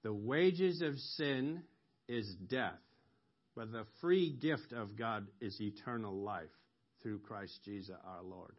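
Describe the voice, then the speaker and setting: A man preaching a sermon, explaining scripture slowly with pauses and ums, rising sharply when he quotes a cry for mercy. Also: fairly low pitch. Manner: slow, explanatory, with ums and emphatic rises on quoted cries. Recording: dull lo-fi recording.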